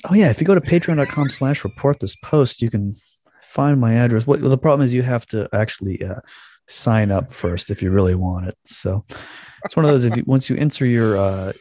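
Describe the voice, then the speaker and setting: A man's voice: mid-range voice, animated, brisk, dark tone, no room sound. A man co-hosting a podcast, chatting casually with joking, drawling asides to listeners. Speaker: podcast co-host. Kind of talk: casual chat.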